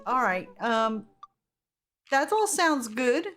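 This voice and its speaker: A woman's voice: a little high, lively intonation, unhurried, a bit bright, faint music behind. A woman streamer giving casual commentary on a game, laughing often and reading chat aloud.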